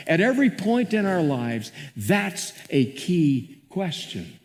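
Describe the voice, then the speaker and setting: A male pastor preaching a sermon and reading scripture dramatically, moving between hushed and emphatic passages. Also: high voice, sing-song, slow pace. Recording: long church reverb.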